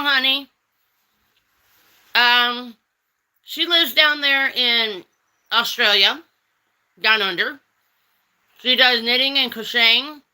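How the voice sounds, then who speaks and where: A woman's voice: high-pitched, sharp tone. A woman hosting a casual livestream, reading chat and teasing viewers with pet names like honey and darling.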